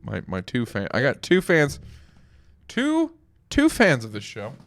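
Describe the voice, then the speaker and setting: A man's voice: medium pitch, wildly swooping pitch, a little slow. A man from the American Midwest hosting a late-night comedy chat, teasing his guest, laughing often and swearing freely. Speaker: podcast host.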